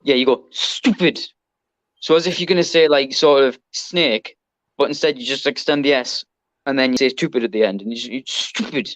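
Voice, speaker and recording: A man's voice: mid-range voice, quick pace, dry recording, low-quality recording. A man with an English accent, a podcast guest, chatting casually and rambling with lots of ums and restarts. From Britain. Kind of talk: casual chat.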